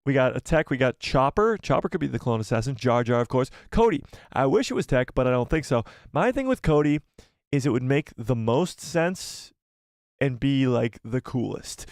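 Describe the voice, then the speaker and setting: A man hosting a casual live stream, excitably reading viewer comments aloud and swearing casually. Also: mid-range voice, normal speed, no echo, clean studio sound.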